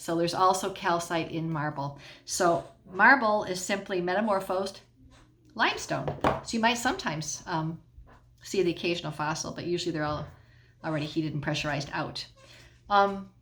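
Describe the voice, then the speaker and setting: A woman's voice: on the low side, a bit bright, a little hiss or hum. A middle-aged woman teacher explaining a science lesson at home in a patient way, often checking in with the class.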